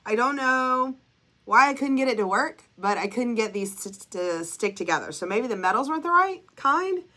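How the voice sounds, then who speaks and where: A woman's voice: a little high, lively intonation, moderate pace, pushed and bright. A woman narrating a DIY craft project in a casual, chatty, self-deprecating way, thinking aloud as she works and sniffling a little. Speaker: craft vlogger.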